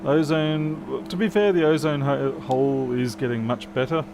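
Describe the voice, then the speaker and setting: A man's voice: medium pitch, fairly even intonation, moderate pace, noisy background. A man chatting casually and dryly while working, answering viewers' questions. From Australia. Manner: chatty, dry humour, answers chat questions. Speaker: repair streamer. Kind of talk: casual live-stream chat while working.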